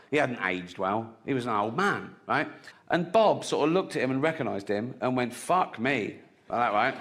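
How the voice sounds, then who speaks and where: An English man doing stand-up comedy on a theatre stage in a conversational style, often adding "right?" and jumping into high, laughing voices. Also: pushed and bright, slight background noise. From England. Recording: live hall with audience.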